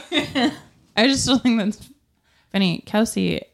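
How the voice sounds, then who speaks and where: A woman's voice: a little high, animated, takes it slowly, gravelly. A young woman hosting a podcast into a microphone, chatting casually about a book, laughing often and mockingly voicing characters. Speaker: podcast host. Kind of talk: casual book discussion chat.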